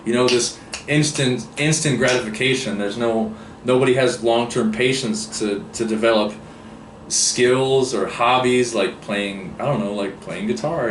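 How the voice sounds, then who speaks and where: A man giving a casual book review, rambling with many fillers and restarts. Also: on the low side. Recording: roomy echo, distant mic, faint hiss.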